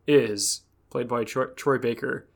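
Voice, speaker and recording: Young male podcast co-host, mid-range voice, animated storyteller who acts out quotes. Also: medium pitch, takes it slowly, gravelly. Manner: animated, acts out game dialogue in raised voices. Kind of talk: casual chat.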